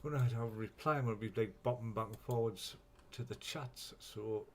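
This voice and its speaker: A man's voice: mid-range voice, normal speed, a little mellow, a little hiss or hum. A man hosting a casual live stream, rambling and chatty, swearing when flustered.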